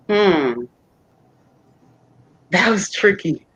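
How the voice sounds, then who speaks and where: A woman's voice: medium pitch, big pitch swings, takes it slowly, long pauses, fairly bright tone, breathy edge, poor audio. A woman giving a chatty, reassuring psychic reading on a live stream, full of fillers like "you know". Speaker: psychic co-reader.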